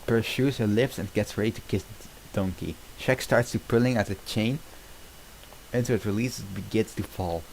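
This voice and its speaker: A man's voice: on the low side, moderate pace, a little mellow, slight background noise, rough recording. A man streaming as he reads a film script aloud, often stumbling and restarting mid-sentence, with casual asides.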